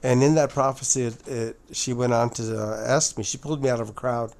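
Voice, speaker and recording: A man speaking in a casual monologue to his viewers, halting and often restarting or repeating words, calling his listeners "guys". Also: mid-range voice, steady tone, vocal fry, darkish tone. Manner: addresses listeners directly as guys. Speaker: video presenter.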